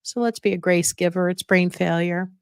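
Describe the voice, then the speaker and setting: A woman's voice: lowish voice, fairly even intonation, moderate pace, clean tone, no echo, studio quality. A woman hosting a casual advice podcast on dementia care, encouraging and often checking in with listeners.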